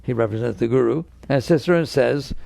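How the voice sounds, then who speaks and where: In a brisk, creaky, warm mid-range voice, a man gives an emphatic spiritual lecture with no echo on the recording. He keeps repeating key words and plays out inner voices as quoted lines, chuckling as he does.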